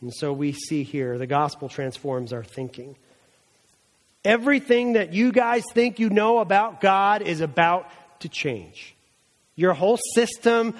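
A man's voice: a little high, big-room sound. A male pastor giving a conversational sermon and acting out the people in the story as he goes. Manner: conversational preaching, voicing characters in asides.

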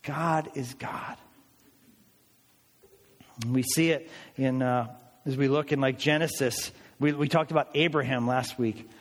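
A man preaching a sermon as a pastor, in an animated, conversational way, acting out people's voices as he tells the story. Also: mid-range voice, measured pace, pauses often, big-room sound. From United States.

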